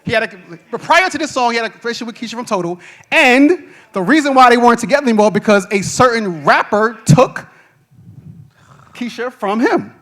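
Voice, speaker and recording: A middle-aged man hosting a podcast, telling stories to a live audience with quick restarts, frequent laughs and a habit of asking "right?". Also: very high-pitched, animated, a bit bright. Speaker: podcast host. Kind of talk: animated storytelling to a live audience.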